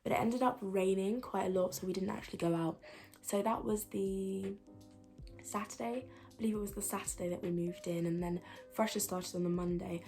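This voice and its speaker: A woman's voice: medium pitch, steady tone, normal speed, vocal fry, mellow, faint music behind. A young woman from England, a student vlogger chatting casually to camera, rambling with lots of fillers and restarts. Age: young adult.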